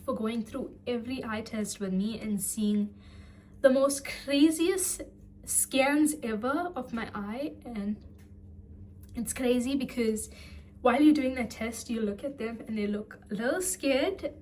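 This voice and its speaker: A woman's voice: a little high, measured pace, a little mellow. A young woman speaking to her viewers in a personal vlog, earnest and heartfelt, emotional and close to tears. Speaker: vlogger. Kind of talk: personal vlog talking to camera.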